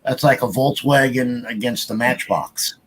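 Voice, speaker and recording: A man's voice: medium pitch, a little slow, breathy edge, poor audio. A man co-hosting a podcast livestream, talking loosely with frequent restarts and repeats. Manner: loose, repetitive, restarts often. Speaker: podcast co-host. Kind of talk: casual livestream chat.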